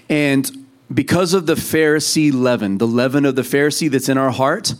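A man preaching a sermon to a congregation in a conversational way, acting out the voices of the people in the story. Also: fairly high pitch. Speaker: pastor.

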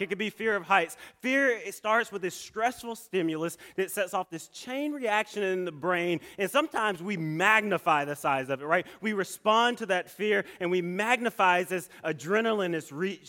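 A man telling a personal story in a sermon, animated, with many restarts and asides. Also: high voice.

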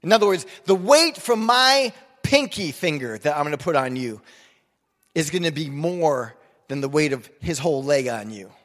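A man's voice: a little high, lively intonation, moderate pace, a bit bright, in a large hall. A man in his forties preaching a sermon in a casual, joking, conversational way. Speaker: pastor.

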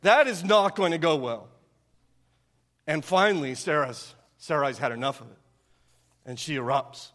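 A man's voice: fairly high pitch, a little slow, long pauses, fairly bright tone, in a large hall. A male pastor giving a sermon in a conversational way, often asking "right?" to draw in his listeners. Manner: conversational preaching with frequent rhetorical "right?".

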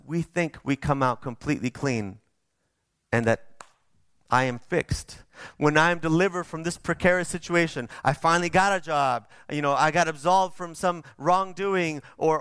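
A man's voice: a little high, normal speed, fairly bright tone, clear, resonant tone, dry recording, clean studio sound. A man preaching a sermon, conversational and emphatic, with frequent restarts.

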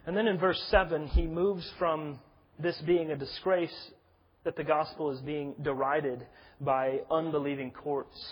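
A man's voice: on the high side, slight background noise, rough recording. A man preaching an expository sermon, earnest and building to emphatic stress. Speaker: pastor.

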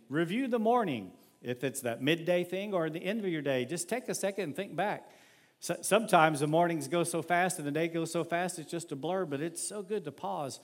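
Animated, higher-voiced male pastor. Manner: conversational, animated, acts out everyday scenes. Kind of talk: sermon.

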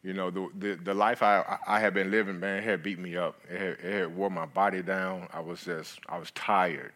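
Middle-aged male guest speaker, lower voice, earnest halting sermon testimony. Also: flat delivery, a bit bright. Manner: halting, earnest storytelling with many restarts.

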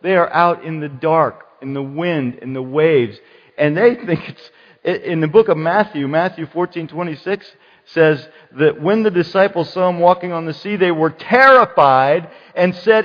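Male pastor, sermon, animated storyteller, slightly high voice, echoing church hall, muffled. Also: moderate pace. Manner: animated, acts out quoted voices. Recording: muffled church hall sound with long reverb.

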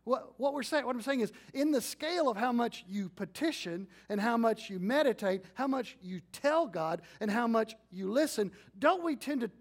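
A middle-aged male pastor preaching a conversational sermon, asking his congregation questions and dropping into quiet, intimate asides. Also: extremely high pitch, expressive, moderate pace, hardly any pauses.

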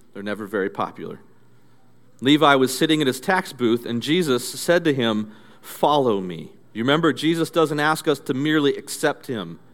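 A male pastor preaching a sermon in a conversational, storytelling way. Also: a little high. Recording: echoey hall reverb.

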